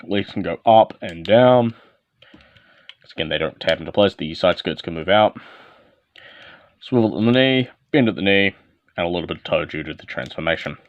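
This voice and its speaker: A man's voice: low voice, lively intonation, moderate pace, pauses often, no echo. A man giving a casual, hands-on toy review, calling out short step-by-step moves as he handles the figure. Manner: talks while handling and transforming a toy, short step-by-step instructions. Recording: dull lo-fi, dry.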